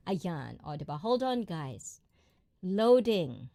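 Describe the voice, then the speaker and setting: Giggly woman chatting slowly. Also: fairly low pitch, big pitch swings, vocal fry, mellow. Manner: chatty and giggly, often trailing into laughter. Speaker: livestream host. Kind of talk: casual live-stream chat, reading viewer comments.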